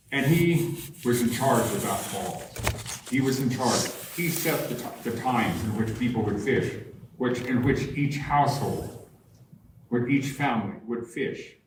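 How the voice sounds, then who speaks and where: A man's voice: mid-range voice, slight background noise. Older man telling stories in an echoey hall. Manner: unhurried, humorous storytelling. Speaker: guest speaker at a public talk. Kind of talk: storytelling talk. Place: large barn hall with an audience. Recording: echoey hall, far from the mic.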